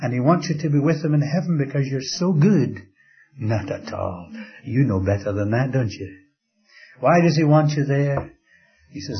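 A man's voice: medium pitch, expressive. Older man preaching a sermon, dull recording. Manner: slow, dramatic storytelling with soft drops to a hush.

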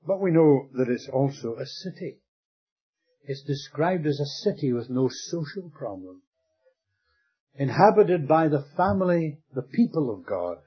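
An older man preaching a sermon, with dramatic pauses and drops to a hushed voice on key words. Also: mid-range voice, sing-song, husky, faint music behind. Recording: dull lo-fi recording.

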